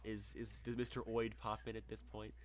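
Low-voiced young man running a game. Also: monotone. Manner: halting, filler-heavy narration. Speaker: game master. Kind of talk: narrating a tabletop game.

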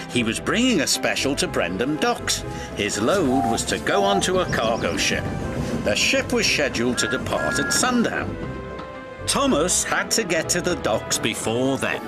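A man reading a children's story aloud with a very lively, sing-song delivery that leaps up and down. A music bed plays under his narration. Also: fairly high pitch.

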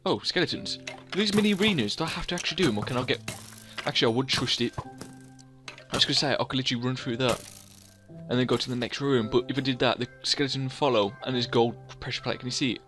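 Excitable man narrating his gameplay. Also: medium pitch, fast. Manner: excitable, hums sound effects and theme music. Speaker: let's play gamer. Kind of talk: game commentary.

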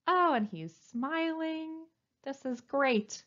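A woman reads a picture book aloud for a children's storytime, her voice bright and high. She drags the words out slowly and lets her pitch swoop up and down in a coaxing sing-song. The recording sounds a little dull and muffled. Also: sing-song. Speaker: children's librarian.

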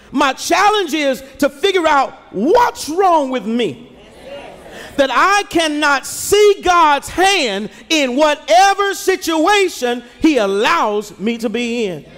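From the pulpit of a large church sanctuary, a male pastor with a very high voice preaches, building to shouts and calling on the congregation to answer him. The live recording carries a long hall reverb.

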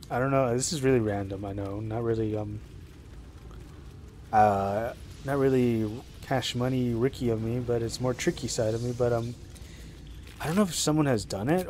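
A young man streaming live, rambling chattily about his game with excitable reactions. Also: mid-range voice, a little hiss or hum. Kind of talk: live gameplay commentary.

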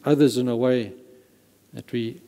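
Emphatic preacher in a reverberant church. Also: male voice, mid-range voice, fairly even intonation, measured pace, dark tone. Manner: emphatic, repeats words for stress. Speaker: pastor. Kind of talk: sermon. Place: church hall.

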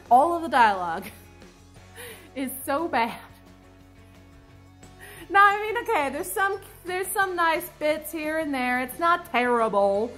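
A woman's voice: sits high, sing-song, slow pace, long pauses, fairly bright tone, faint music behind. A woman in her twenties vlogging casually about her own writing, dramatic and self-mocking, laughing often, with mock-anguished outbursts. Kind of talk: casual confessional vlog.

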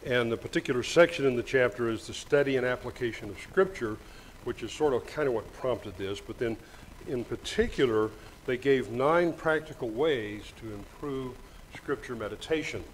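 A man's voice: mid-range voice, slight background noise, rough recording. Older man preaching with folksy jokes. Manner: folksy, joking asides, reads scripture slowly. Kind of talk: sermon. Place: church sanctuary. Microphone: microphone with monitor.

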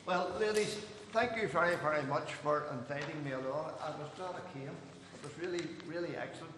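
A man, a church elder telling jokes at a gathering and raising his voice for each character. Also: fairly quick. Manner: animated storyteller, raises pitch for quoted voices. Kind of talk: after-dinner joke telling. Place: church hall. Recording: echoey hall, some noise.

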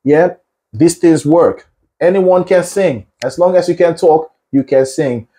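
A man's voice: on the high side, unhurried, warm tone, breathy edge. A man coaching a student through a singing lesson, explaining breath control with analogies and encouragement. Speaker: vocal coach.

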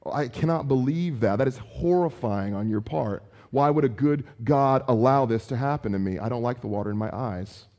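A man's voice: mid-range voice, normal speed, hardly any pauses, warm tone, lightly acted. A man voicing his defiant young son, who complains indignantly about being made to take a bath.

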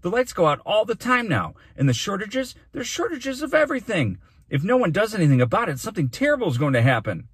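A man's voice: sits low, expressive, moderate pace, slightly rough, no room sound, full character voice. A man voicing an angry, earnest schoolboy who protests urgently. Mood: protesting.

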